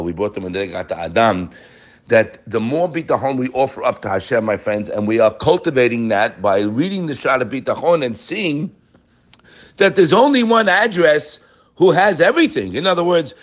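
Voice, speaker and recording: Male Torah teacher, lively, wide-ranging delivery, fervent with rhetorical questions. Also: a little high. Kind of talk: animated Torah class.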